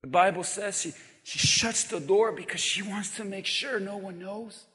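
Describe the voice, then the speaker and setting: A male pastor delivers a sermon with a high, ringing voice and a bright, forceful edge. He preaches with passion, driving home repeated refrains. The sound carries a long church-hall reverb. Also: normal speed.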